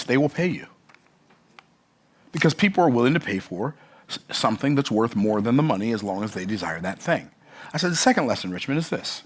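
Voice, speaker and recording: A man's voice: medium pitch, slightly rough. A man who is a business coach, telling a story in a motivational speech and acting out the other people in it. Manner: animated, acts out the other people in his story.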